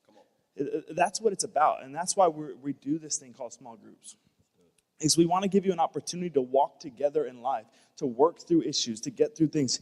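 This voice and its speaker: A man's voice: fairly high pitch, fairly quick, darkish tone, big-room sound. A man on a church staff talking earnestly in a panel discussion, often repeating himself and restarting phrases. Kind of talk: heartfelt panel talk.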